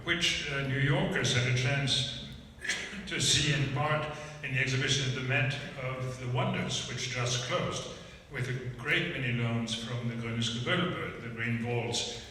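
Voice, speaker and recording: A man with a bright, forceful voice leads a conversation on stage, choosing his words slowly with frequent hesitations. He sounds far from the microphone, in a big hall with long reverb. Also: mid-range voice, fairly even intonation. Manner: halting and measured, many hesitant fillers. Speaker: moderator of the conversation. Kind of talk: unscripted panel conversation. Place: large event hall with a live audience. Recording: roomy hall echo, distant, faint hiss.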